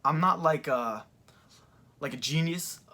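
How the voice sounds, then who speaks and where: A young adult man talking through events in a casual commentary vlog, rambling with lots of fillers, seated in a creaky chair. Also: on the high side, slow pace, sharp tone. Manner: rambling, filler-heavy retelling. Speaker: wrestling fan reviewer.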